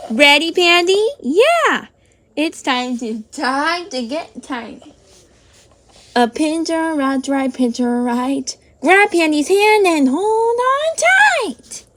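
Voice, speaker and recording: A woman's voice: high voice, lively intonation, slow pace, background noise. A woman narrating a toy play story for children, gasping and drawn out in a sing-song way.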